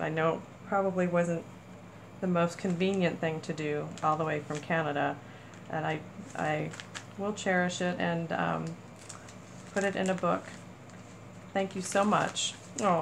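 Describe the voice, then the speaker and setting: A woman hosting a casual crafting haul video, gushing with excitement over small items. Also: on the low side, vocal fry, a little hiss or hum, poor audio. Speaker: crafting channel host. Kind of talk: casual haul chat to camera.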